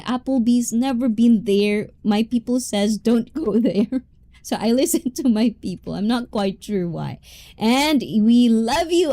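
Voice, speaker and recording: A young woman chats with her viewers on a livestream, reading their comments aloud and laughing often. Her voice is mellow and her pace is slow and easy. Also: mid-range voice. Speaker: livestream host reading chat. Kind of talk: casual livestream chat.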